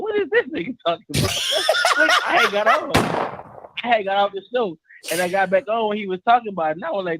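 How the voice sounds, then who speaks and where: A man calling in to a talk show, loudly ribbing rivals with laughter and profanity. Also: sits high, lively intonation, fast talker, noisy background. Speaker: caller. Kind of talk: joking call-in banter.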